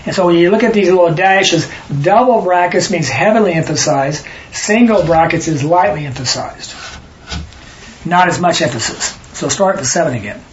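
A man's voice: on the high side, moderate pace, muffled recording, a little hiss or hum. A man leading a home Bible study, explaining passages and stopping readers to correct and stress words.

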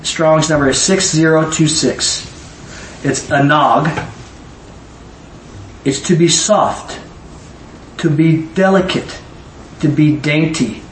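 Middle-aged guy preaching, kinda high voice, roomy echo, sounds a bit far from the mic. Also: slow, pauses often. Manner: animated, swings from low musing to high emotional exclamations. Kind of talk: informal Bible teaching. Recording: echoey room, mic at a distance, faint ambient noise.

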